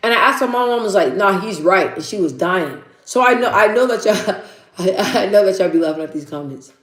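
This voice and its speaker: A woman's voice: medium pitch, lively intonation, a little fast. A young woman hosting a casual livestream, laughing often and chatting with her viewers as she reads the chat. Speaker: livestream host. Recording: echoey room.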